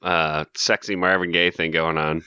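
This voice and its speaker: A man's voice: low voice, flat delivery, moderate pace, sharp tone, smooth, no echo, highs cut off. A man co-hosting a casual podcast, tipsy, giggly and teasing, swearing often. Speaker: podcast co-host.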